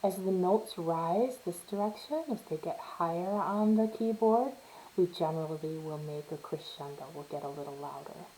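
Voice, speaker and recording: A woman's voice: lowish voice, normal speed, slight background noise, low-quality recording. A woman teaching a step-by-step piano lesson, patiently explaining and counting beats aloud while she plays. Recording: soft piano playing behind her.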